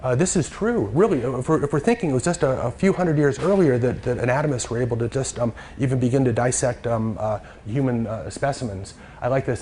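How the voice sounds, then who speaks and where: A man giving a lecture from slides, halting and full of fillers and restarts. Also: mid-range voice, mellow, a little hiss or hum.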